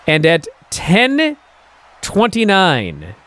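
A man's voice: sits high, drawn-out words. A male podcast host giving a casual, incredulous recap, filled with "uh" and "and so". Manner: animated, incredulous storytelling with many fillers.

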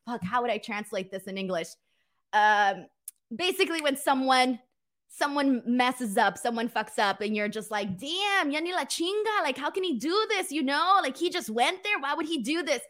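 A woman hosting a casual wrestling live stream, reading viewer messages with lots of laughter, joking and offhand swearing. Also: medium pitch. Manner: laughs often, swears casually, animated and playful. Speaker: wrestling show host.

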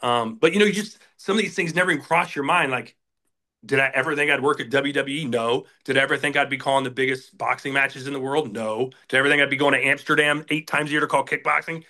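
Bright-voiced middle-aged announcer man. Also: mid-range voice, quick pace. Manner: animated, acts out quoted bosses in raised voices. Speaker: guest, sports announcer. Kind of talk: casual interview storytelling.

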